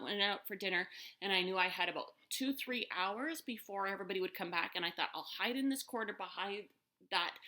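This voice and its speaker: A woman's voice: on the low side, pushed and bright. A woman telling a personal story to the camera in a casual, rambling way, with lots of fillers and restarts.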